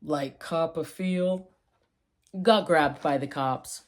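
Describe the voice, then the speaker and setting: A playful woman chats through a casual vlog, rambling and cracking jokes as she goes. She takes her time, and her voice sits a little low. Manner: playful, rambling, jokey asides, quick tangents. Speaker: vlogger explaining old slang. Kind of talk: casual chat.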